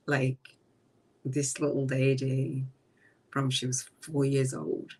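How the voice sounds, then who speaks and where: A middle-aged woman hosts a live spiritual talk in a slow, reflective way. Her phrases trail off and she keeps an even, almost flat tone. She sounds set back from the mic. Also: very deep voice. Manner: reflective, slow and unhurried, trailing off, often dropping soft. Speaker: podcast host. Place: a relative's home. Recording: voice distant from the mic.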